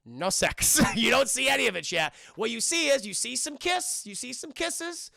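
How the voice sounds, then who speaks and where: Guy riffing on a movie to his stream chat, super gravelly, bright voice, bouncy delivery. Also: very high voice, normal speed, dry recording, clean studio sound. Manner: animated, addresses chat constantly, crude jokes, acts out characters. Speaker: film reviewer streaming to live chat. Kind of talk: casual comedic scene-by-scene film recap.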